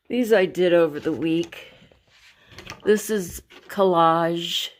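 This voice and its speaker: A woman's voice: fairly low pitch, takes it slowly, slight background noise. A woman casually showing her paintings in a home vlog, rambling, searching for words and correcting herself as she walks along a wall. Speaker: vlogger showing her artwork. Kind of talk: casual show-and-tell vlog.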